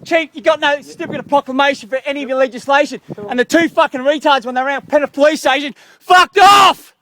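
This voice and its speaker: Australian man, very high voice, furious swearing rant, arguing with police on the street. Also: fairly even intonation, very fast, a bit bright. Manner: angry, profane ranting. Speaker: member of the public confronting police. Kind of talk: heated street argument.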